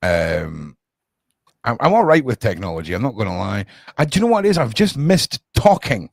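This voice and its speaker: A man's voice: fairly low pitch, sing-song, moderate pace, creaky, dry recording, clean studio sound. A man hosting a casual livestream podcast from his home desk, rambling and chatting with viewers by name.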